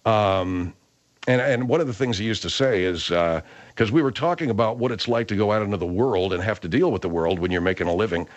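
Male comedy host, rambling and halting, lively pitch. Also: lo-fi sound. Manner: rambling, halting, many fillers. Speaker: show host.

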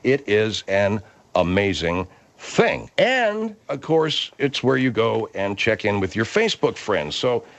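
A man's voice: on the low side, sing-song, takes it slowly. Brash combative male radio host. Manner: brash, combative, bursts into yelling. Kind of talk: comedic talk radio.

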